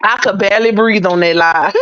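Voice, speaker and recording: A woman's voice: medium pitch, normal speed, a bit bright, smooth, no room sound. A woman hosting a casual livestream, greeting viewers by name in a chatty, laughing way, a little under the weather. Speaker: livestream host. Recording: dull lo-fi stream audio.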